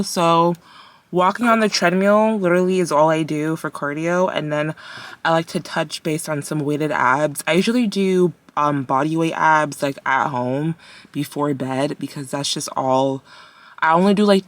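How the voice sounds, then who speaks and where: A woman's voice: sits low, no echo. A young woman chatting casually to her viewers from her car on the way to the gym, upbeat and talkative. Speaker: vlogger. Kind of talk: casual vlog chat.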